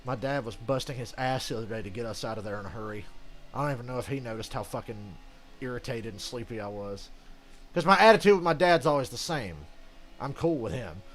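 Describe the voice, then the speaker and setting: A man's voice: medium pitch, animated, brisk. A man giving casual, rambling gameplay commentary as a channel host, ranting and swearing freely.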